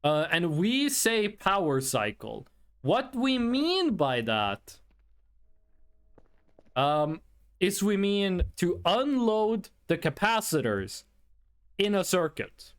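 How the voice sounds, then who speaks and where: Young male streamer, high voice, animated delivery, loose rambling storyteller at a desk mic. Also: takes it slowly, clear, resonant tone. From Norway. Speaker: livestreamer. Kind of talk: casual chat with chat.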